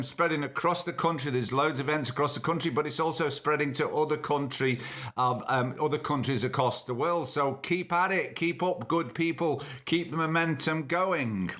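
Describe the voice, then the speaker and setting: A man's voice: on the high side, moderate pace, a bit bright. A man hosting a podcast, delivering a sarcastic, mocking comedic rant. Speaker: podcast host. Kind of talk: comedic ranting monologue.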